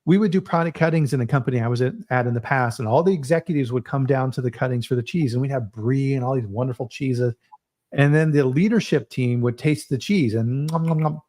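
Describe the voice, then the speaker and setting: A man hosting a casual live-stream talk, telling stories in an animated way, often restarting and repeating words. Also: mid-range voice, brisk. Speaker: host.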